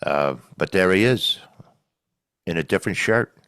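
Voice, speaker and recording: A male podcast host with a very deep voice. He asks casual follow-up questions and keeps the guest talking with short, encouraging replies. The recording is dry and close. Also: animated, normal speed, a bit bright, clear, resonant tone, no echo. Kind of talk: casual interview.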